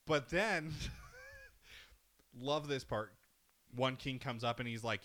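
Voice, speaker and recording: A man with a bright, forceful voice recaps a video game in loose, casual chat. He tells it with lots of energy, swears freely and slips into the characters' lines as he goes. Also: medium pitch, a little slow. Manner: animated storytelling with profanity, acting out characters. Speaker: podcast co-host.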